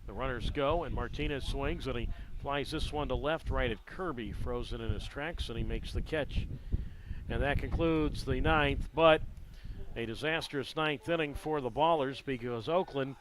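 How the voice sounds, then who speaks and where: A man calling a baseball game play-by-play in a measured, conversational way with dry asides. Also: mid-range voice, slight background noise, poor audio. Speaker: play-by-play announcer.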